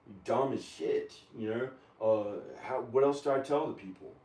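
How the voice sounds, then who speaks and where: A man at home in his kitchen, rambling in an agitated, meandering monologue with frequent pauses and fillers. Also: medium pitch, darkish tone. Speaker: video maker. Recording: echoey room, camera far from the mouth.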